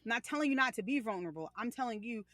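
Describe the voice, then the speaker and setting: A young woman in casual conversation as a podcast co-host, telling animated stories and acting out her child's lines. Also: a little high, rapid-fire, no echo.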